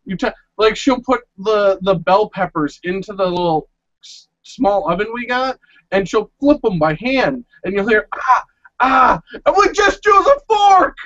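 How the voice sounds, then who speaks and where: A man co-hosting a podcast, telling animated, exasperated stories and acting out quotes in casual chat. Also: sits high, unhurried, no echo. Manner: animated, exasperated storyteller who acts out quotes. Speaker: podcast co-host. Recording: muffled lo-fi podcast audio.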